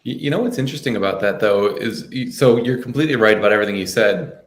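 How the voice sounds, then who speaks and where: A man chatting excitedly on a panel, filling his talk with "like". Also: lowish voice, quick pace. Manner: excited, lots of "like". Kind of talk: casual panel chat. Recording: roomy echo.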